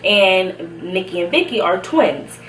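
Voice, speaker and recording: A woman's voice: medium pitch, lively intonation, slow pace, a bit bright. Chatty young woman in an echoey room. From Brooklyn, New York. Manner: chatty, slangy, laughs often. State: out of breath. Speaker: vlogger. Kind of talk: casual storytime. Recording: echoey room, somewhat far from mic, faint hiss.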